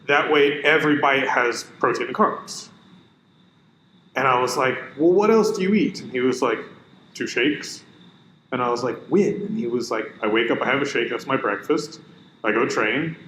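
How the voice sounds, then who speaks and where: Guy telling a gym story, lots of quoting back and forth, echoey room, faint hiss. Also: medium pitch. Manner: animated anecdote-telling, quoting others. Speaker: podcast co-host. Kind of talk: casual chat, storytelling.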